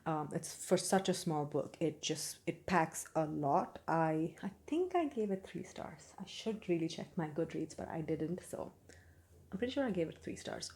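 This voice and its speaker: A woman's voice: sits low, moderate pace, darkish tone. A young woman giving a casual, candid book review, opinionated and full of fillers and restarts.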